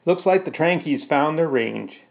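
A man voicing a calm, blunt woman soldier. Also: a little high, unhurried, vocal fry, heavily acted. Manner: calm, dry, matter-of-fact. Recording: narrow phone-like sound.

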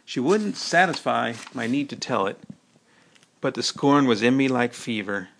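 A man's voice: medium pitch, lively intonation, measured pace, gravelly, fairly bright tone. A man narrating a first-person novel as an audiobook, telling the story in a folksy, wry way.

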